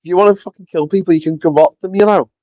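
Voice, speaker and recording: A man's voice: sits high, steady tone, rapid-fire, no echo, lo-fi sound. A man hosting a casual live stream outdoors in the wind, chatty and sweary, reading viewers' comments aloud and short on sleep after a night of travel. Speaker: livestream host. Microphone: small clip-on mic with foam.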